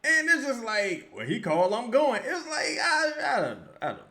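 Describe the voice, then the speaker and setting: A man's voice: extremely high pitch, wildly swooping pitch, moderate pace, sharp tone. A man co-hosting a podcast, talking bluntly and profanely in disbelief. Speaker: podcast co-host reacting. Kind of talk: casual chat.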